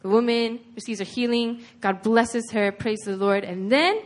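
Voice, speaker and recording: A woman's voice: on the high side, normal speed. A woman preaching a sermon in an earnest, conversational way, retelling a scripture story with lots of casual "like"s.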